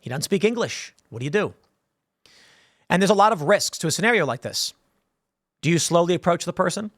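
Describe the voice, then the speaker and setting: A man's voice: high voice, animated, fairly quick, fairly bright tone, dry recording, clean studio sound. A man giving opinionated political commentary as a host, talking emphatically and rambling, sometimes acting out other people's voices.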